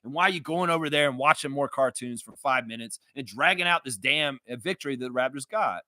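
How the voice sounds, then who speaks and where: Animated, profane sports-ranting man. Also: mid-range voice, fast talker, no echo, studio quality. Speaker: livestream reaction host. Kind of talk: live sports reaction rant.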